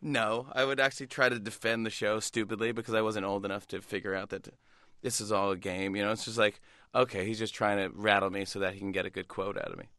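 Animated male comedian telling stories. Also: fairly low pitch, no echo, clean studio sound. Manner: animated, many restarts, quick laughs. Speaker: comedian guest. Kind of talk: casual interview storytelling.

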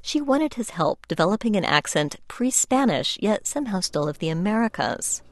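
A woman radio reporter narrating a feature story in a measured, clear way. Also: medium pitch, big pitch swings, no echo.

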